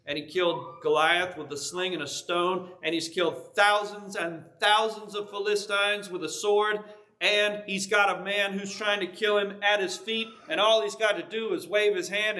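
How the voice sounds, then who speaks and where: High-voiced storytelling preacher. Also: male voice, bright, forceful tone. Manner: conversational storytelling with vivid retelling. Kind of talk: sermon. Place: church.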